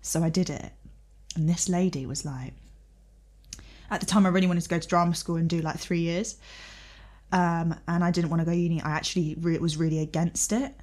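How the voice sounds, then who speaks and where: A woman's voice: on the low side, a little fast. A woman in her twenties co-hosting a podcast, telling a personal story in casual chat and acting out the voices of the people in it. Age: 20s. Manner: animated storyteller, acts out quoted dialogue. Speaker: podcast co-host.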